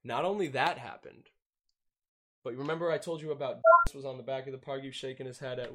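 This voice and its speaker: A man's voice: mid-range voice, steady tone, brisk, very noisy. A young man casually telling a profane, laughing story on a podcast. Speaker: podcast host.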